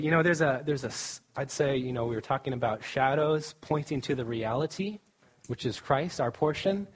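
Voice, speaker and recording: Slow, joking male preacher. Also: mid-range voice. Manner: joking, laughs often, slow and deliberate. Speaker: campus ministry speaker. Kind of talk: casual sermon at a student camp.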